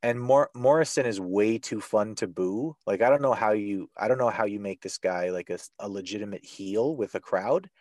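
A man with a fairly low voice talks through his opinions in a loose podcast chat. He swears freely and pauses often with ums as he goes. The recording is dry and close, with no room echo. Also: darkish tone. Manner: profane, hesitant, with many ums. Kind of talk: casual chat.

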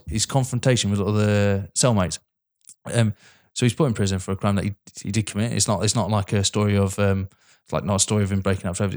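A man's voice: lowish voice, a little mellow. Sweary, enthusiastic man. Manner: sweary, enthusiastic, says "mate" a lot. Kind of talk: casual film chat.

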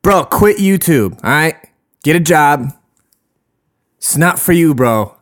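A man's voice: on the high side, animated, slow, no room sound, clean studio sound. A man hosting a podcast, ranting in a loose, rambling way full of swearing. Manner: rambling, profane, laid-back. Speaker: podcast host. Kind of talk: casual profane rant. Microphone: close podcast mic.

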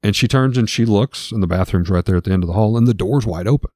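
A man's voice: on the low side, fast, a little mellow, no echo, studio quality. A man casually retelling a ghost story as a podcast host, with lots of filler words.

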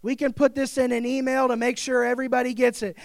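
A pastor preaching a fervent sermon to his congregation, building up to shouts. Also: very high-pitched, little pitch movement, fast, vocal fry, dry recording.

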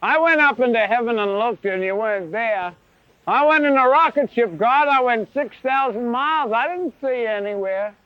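A man's voice: very high-pitched, animated, moderate pace, smooth, no echo. A man voicing a cocky little human man who boasts and taunts God, in a lo-fi recording. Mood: taunting.

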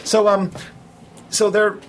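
A man telling a long, funny story in casual conversation, animated and self-mocking, laughing at his own jokes. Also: sits high, slow, slight background noise. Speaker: storyteller on a chat show.

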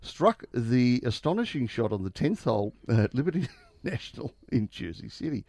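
A man's voice: medium pitch, big pitch swings, moderate pace, creaky, a little mellow, dry recording. A man co-hosting a radio show, chatting casually, laughing often and stumbling into his stories. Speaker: radio co-host.

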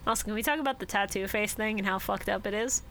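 A woman's voice: medium pitch, fast, slight background noise. A woman co-hosting a podcast, talking casually and giggling as she retells scenes. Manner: giggly, animated storyteller. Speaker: podcast co-host. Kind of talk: casual chat.

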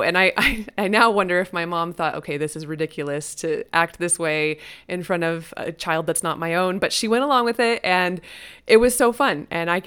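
Woman, middle-aged, casual storytelling, animated, sudden squeaky quoted voices, mid-pitched voice. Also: clean tone. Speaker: parent telling a personal story.

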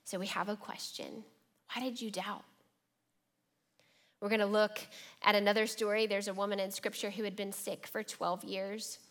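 A woman preacher giving a reflective, measured sermon and reading scripture aloud. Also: mid-range voice, flat delivery.

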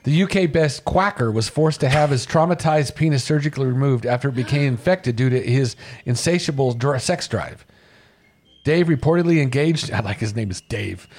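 A man's voice: medium pitch, expressive, moderate pace, darkish tone. A man co-hosting a radio morning show, reading out an odd news story with jokes and laughs. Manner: joking, laughs while reading. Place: radio studio.

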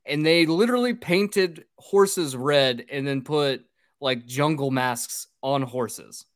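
A man's voice: mid-range voice, slow, dry recording, clean studio sound. A man hosting a casual podcast, recapping a film's plot in a loose, rambling way with fillers and swearing. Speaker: podcast host recapping a film.

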